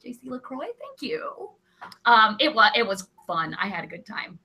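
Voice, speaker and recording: A woman's voice: mid-range voice, fairly quick. A woman co-hosting a comedy podcast, chatting casually with lots of laughter and playful jokes. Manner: animated, giggly, jokey. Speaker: podcast co-host.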